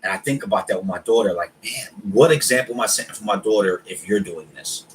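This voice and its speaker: A man's voice: on the low side, quick pace, a crowd in the background, low-quality recording. A man co-hosting a casual chat who talks in an emphatic, opinionated way and says man and bro a lot. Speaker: podcast co-host.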